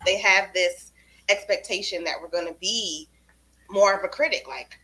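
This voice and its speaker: Bright-voiced animated woman co-host. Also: medium pitch, moderate pace, poor audio. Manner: animated, laughs often, acts out voices. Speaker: co-host, professional organizer. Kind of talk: casual chat.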